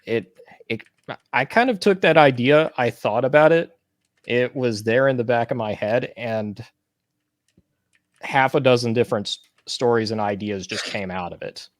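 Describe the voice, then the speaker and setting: A man's voice: medium pitch, moderate pace, dry recording, studio quality. A man being interviewed as an author, explaining his ideas thoughtfully and at length. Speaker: guest author. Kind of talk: casual interview talk.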